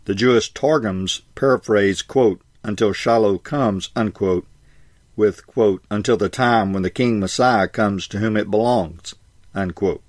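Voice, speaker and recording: A man with a lowish voice reads a sermon in a measured way. He slows down to stress key phrases and marks each quotation aloud. The sound is dry and close. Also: no echo. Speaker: preacher. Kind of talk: scripted sermon reading.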